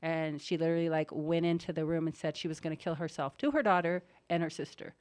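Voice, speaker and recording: A middle-aged woman talks in a relaxed, conversational way. Her voice sits a little low, and she is candid and chatty, often slipping in jokes and fillers. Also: quick pace, clean tone. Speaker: mother of the guest, co-host. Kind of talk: casual conversation.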